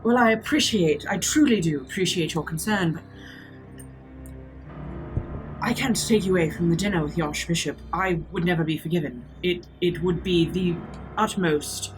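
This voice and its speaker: Formal old-world knight captain, played by a woman, halting and courteous, music underneath. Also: on the low side, natural voice, low-quality recording. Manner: formal, halting, stumbles over words. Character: proud mustached male captain of knights.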